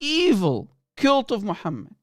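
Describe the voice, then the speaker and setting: A man's voice: high-pitched, huge pitch swings, a little slow, no echo, clean studio sound. A man hosting a livestream, giving heated, sneering commentary on a clip and laughing often. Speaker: livestream host.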